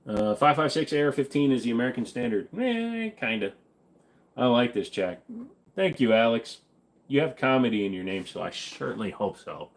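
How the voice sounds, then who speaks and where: A man's voice: medium pitch, very animated, normal speed. A man in casual live stream chat, reading viewer questions aloud and answering them in a crude, joking way. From Virginia.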